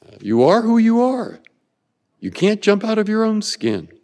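Gravelly older man, lively rambling answers. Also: high-pitched, unhurried, long reverb tail. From San Francisco, USA. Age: 80s. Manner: discursive, circling back with repeated words and asides. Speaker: Supreme Court justice, guest. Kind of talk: reflective interview answers.

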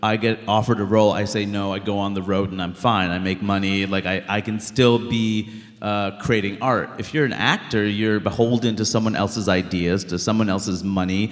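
A stand-up comedian from Queens, talking in an interview in an animated, emphatic way. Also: lowish voice, brisk, few pauses, big-room sound. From Queens, New York. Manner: animated, emphatic, blunt, many "like" fillers. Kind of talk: conversational interview.

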